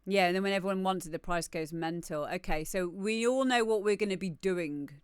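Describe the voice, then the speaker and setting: A woman's voice: on the low side, fairly quick, clear, resonant tone, no echo, clean studio sound. A woman with a British accent hosting a live music stream, chatting casually as she reacts to a video. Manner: easygoing, reacting aloud to a video.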